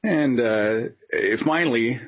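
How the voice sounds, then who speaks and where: A male podcast host telling casual stories in an animated, exasperated way. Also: mid-range voice, slow pace, narrow, tinny audio. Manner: animated, exasperated anecdotal storytelling. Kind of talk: casual storytelling monologue.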